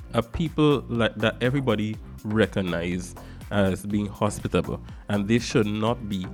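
Emphatic Guyanese man hosting a talk show. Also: lowish voice. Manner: animated, emphatic, swings between loud stresses and soft asides. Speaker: radio show host. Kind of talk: casual talk-show monologue.

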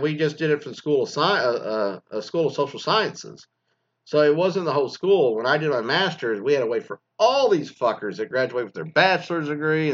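A man's voice: mid-range voice, fairly bright tone, dull audio. A man who used to teach, ranting casually about school graduations, swearing a lot and rambling with mocking asides. He is from Texas. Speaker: former teacher. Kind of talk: casual profane rant.

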